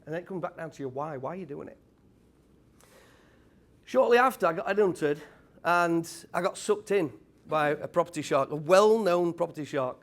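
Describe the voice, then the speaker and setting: Upbeat high-pitched British male speaker, blunt tradesman manner, working a live room. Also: normal speed, long pauses. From United Kingdom. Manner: energetic, quizzes the crowd, blunt tradesman talk. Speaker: speaker at a property event. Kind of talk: motivational talk to a live audience.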